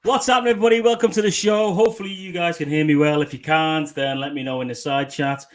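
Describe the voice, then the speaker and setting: A man's voice: a little high, steady tone, quick pace. A man hosting a casual motorcycle livestream, chatty and jokey, swearing casually. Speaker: livestream host. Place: Alberta home.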